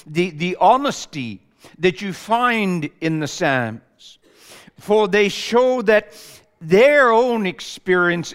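A man preaching a sermon in a measured, emphatic way, building lists for effect. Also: high voice, a bit bright, smooth. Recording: long reverb of a large hall.

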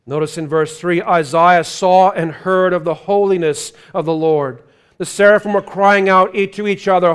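A man with a high, smooth and resonant voice preaches a live sermon in a church. He rises to loud, ringing proclamation, then drops to a hushed, pleading near-whisper. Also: fairly even intonation, normal speed. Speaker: guest preacher. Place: church sanctuary.

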